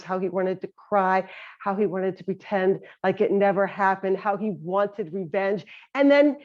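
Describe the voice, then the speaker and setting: A woman meditation teacher speaks very slowly and gently, pausing between short phrases in a reflective talk. Her voice sits at a middle pitch. The recording is slightly dull and lo-fi.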